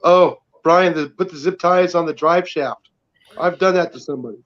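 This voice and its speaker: A man's voice: a little high, normal speed, fairly bright tone. A man calling in to a livestream chat, talking in an easygoing, casual way. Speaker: livestream guest on a call. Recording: dull lo-fi call audio.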